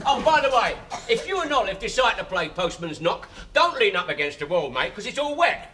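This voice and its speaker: A man's voice: high-pitched, big pitch swings, a little fast, a loud crowd, heavy background noise. A man in a 1970s sitcom, trading cheeky jokes about paint. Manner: cheeky, jokey banter. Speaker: sitcom character, bus driver son.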